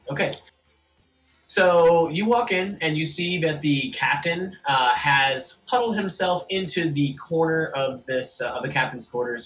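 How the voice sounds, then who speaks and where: A man running a tabletop game as game master, narrating casually with many pauses and fillers. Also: a little high, a bit bright, poor audio.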